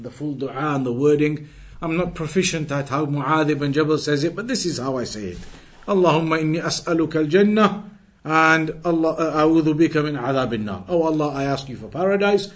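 A man teaching an Islamic lesson who recites Arabic passages quickly and then explains them patiently, repeating and rewording phrases. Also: a little high. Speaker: religious teacher.

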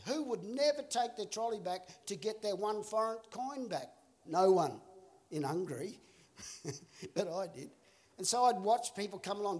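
Male pastor, high-pitched, animated storytelling sermon delivery, chuckles often. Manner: animated storyteller, acts out characters, laughs along. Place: church auditorium.

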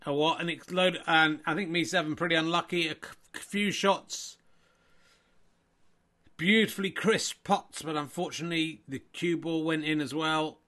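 A man hosting a comic mock sports commentary, playful and self-mocking. His voice sits a touch high for a man and gets excitable over the action. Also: moderate pace.

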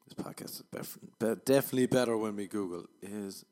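A man's voice: on the low side, fairly quick, darkish tone. A man hosting a podcast, rambling through a comedic monologue full of swearing and self-mocking jokes. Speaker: podcast host.

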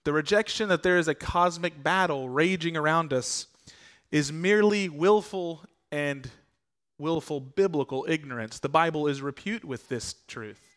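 Male pastor, conversational earnest sermon delivery, slightly raised pitch. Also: moderate pace, fairly bright tone. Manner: conversational, earnest preaching with rhetorical questions.

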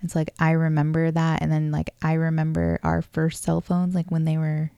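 A woman's voice: deep voice, monotone, moderate pace, gravelly, warm tone, clean tone, dry recording, muffled recording. A woman in her thirties co-hosting a casual couple's podcast, rambling with lots of fillers and giggles. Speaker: podcast co-host. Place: darkened room at home. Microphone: studio microphone.

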